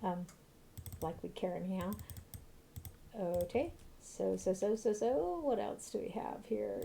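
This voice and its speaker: A woman's voice: medium pitch, measured pace, gravelly, long pauses, mellow, a little hiss or hum. Chatty woman commenting on a game. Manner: chatty, self-mocking. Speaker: let's play streamer.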